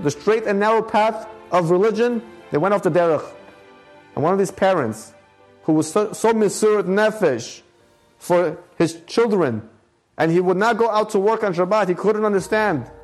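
A man giving a short recorded Torah lesson as a rabbi, speaking emphatically, repeating his points and using Hebrew terms. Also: sits high.

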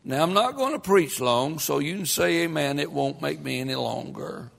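A man preaching a sermon as pastor, reading scripture and building emphatically to loud peaks. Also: on the high side, lively intonation, moderate pace, creaky. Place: church sanctuary. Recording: long hall reverb.

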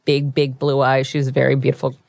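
A woman's voice: very deep voice, completely flat delivery, a little fast, creaky, a little mellow, no room sound. A woman hosting a true crime podcast, telling the story in a wry, easygoing way from a radio studio. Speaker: podcast host.

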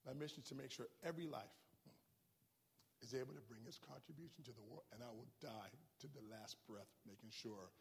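A man preaching a sermon in a church, impassioned, swinging from quiet talk to shouting. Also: medium pitch, fairly quick, creaky, slightly rough, big-room sound.

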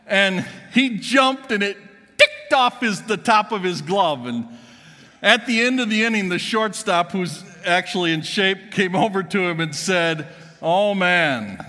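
A man's voice: sits high, sharp tone. A man preaching a sermon as pastor, telling funny stories to his congregation. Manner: joking storytelling to the congregation. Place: church sanctuary. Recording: church hall reverb.

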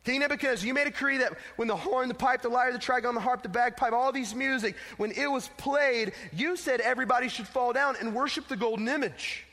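Sneaky fawning courtier guys as a preacher acts them out, bright edge, hall echo. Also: male voice, extremely high pitch, quick pace, hardly any pauses, exaggerated voice. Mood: tattling. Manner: wheedling, fawning. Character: flattering tattletale courtiers, men, sneaky.

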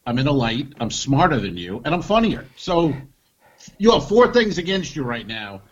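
Casual swearing comedian, lo-fi sound. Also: male voice, on the high side, very animated, normal speed. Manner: loose storytelling, swears freely. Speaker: comedy podcast co-host.

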